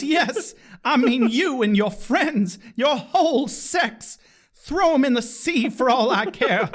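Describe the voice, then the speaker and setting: Brief: high, hammy stage diva, a young woman sneering at men, as a man puts her on. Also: heavily acted. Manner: theatrical, over-the-top stage delivery. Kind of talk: dramatic reading of a scene.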